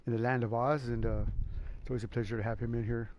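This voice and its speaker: A man hosting a sim racing league stream, chatting casually and excitably in a rambling way, calling everyone man and dude. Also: mid-range voice, fast talker, muffled recording, a little hiss or hum. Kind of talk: casual live-stream race commentary.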